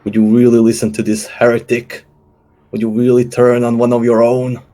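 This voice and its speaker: A man voicing a defiant male warrior who yells back at his accusers, indignant. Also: medium pitch, completely flat delivery, normal speed, close to an everyday voice. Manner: indignant, raised voice.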